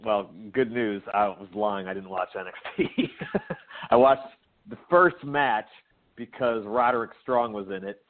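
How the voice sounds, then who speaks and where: Low-voiced man joking dryly on a phone line. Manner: dry, joking, halting. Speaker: podcast co-host. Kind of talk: casual chat. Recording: phone-line call-in sound.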